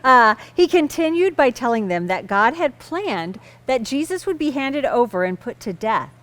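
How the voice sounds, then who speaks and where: A woman's voice: sits high, very animated, normal speed. A woman hosting a kids' church lesson, reading a Bible story patiently while keeping a joking partner on track. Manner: patient, gently amused, keeps the story on track.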